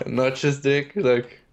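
A man's voice: mid-range voice, animated, drawn-out words, heavy background noise. A man streaming a game and chatting casually, joking around and laughing often. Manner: joking, laughs often, sings silly bits. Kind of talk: casual chat while gaming.

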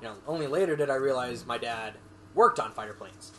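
A man's voice: medium pitch, fairly quick, pushed and bright, a little hiss or hum. A man co-hosting a game video, chatting casually and laughing along with friends. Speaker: let's play co-host. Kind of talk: casual chat over gameplay.

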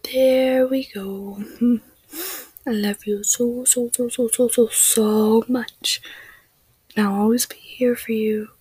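Woman voicing a tender male boyfriend, whispered role-play, higher pitched and unhurried. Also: fairly even intonation, slightly rough, no room sound, heavily acted. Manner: soft, reassuring, affectionate. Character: gentle caring young male boyfriend.

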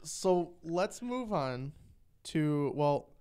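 High-voiced man, laughing and rambling. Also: sing-song, drawn-out words, darkish tone, clear, resonant tone. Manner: laughs often, rambling, profane. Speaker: co-host. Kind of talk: casual podcast banter.

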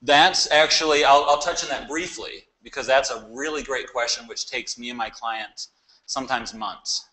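A man in his forties, a therapist leading a workshop, talking in an emphatic, animated way and often asking "right?". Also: mid-range voice, normal speed, poor audio. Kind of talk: informal workshop talk.

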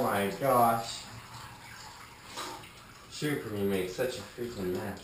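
A man's voice: fairly low pitch, slow pace, long pauses, far from the mic, background noise. A man vlogging casually while he bathes his dog, coaxing and scolding it and joking in between. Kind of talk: casual vlog chatter. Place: bathroom, at the tub. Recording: echoey bathroom, off-mic, loud music behind.

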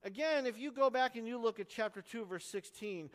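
High-voiced man preaching in a reverberant church. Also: a little fast. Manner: earnest, explanatory teaching with strong emphasis. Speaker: pastor. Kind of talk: expository sermon.

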